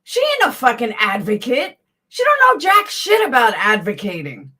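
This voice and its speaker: A woman's voice: on the high side, huge pitch swings, a little slow, pushed and bright. A woman with a Southern accent giving a blunt, profane, heated commentary rant as a YouTube host, talking to her live chat. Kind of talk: casual ranting commentary.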